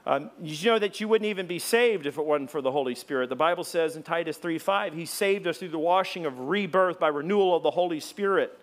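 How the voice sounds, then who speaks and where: A middle-aged man preaching a sermon to his congregation, with folksy, conversational talk full of fillers, acting out the shouted quotes in his stories. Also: on the high side, fast talker, hardly any pauses. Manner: animated storyteller, acts out loud shouted quotes. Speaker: pastor. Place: church sanctuary before a congregation.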